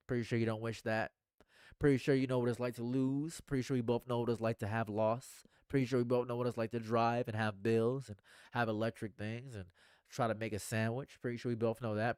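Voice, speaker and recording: A man's voice: mid-range voice, darkish tone, smooth, dry recording, clean studio sound. A man talking earnestly to his live stream audience in a rambling, repetitive monologue. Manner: earnest, rambling, repeats phrases.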